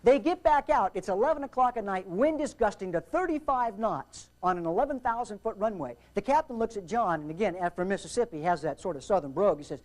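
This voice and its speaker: A man giving a humorous aviation safety talk, telling anecdotes in an animated, theatrical way with jokes. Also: high voice, fast talker, hardly any pauses. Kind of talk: humorous storytelling seminar talk.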